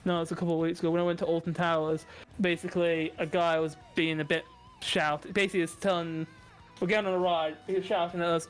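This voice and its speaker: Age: adult. Sex: man. Pitch: high. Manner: brash and profane. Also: flat delivery, fast, faint music behind. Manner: brash and profane, laughs often. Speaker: podcast co-host. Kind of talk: casual chat.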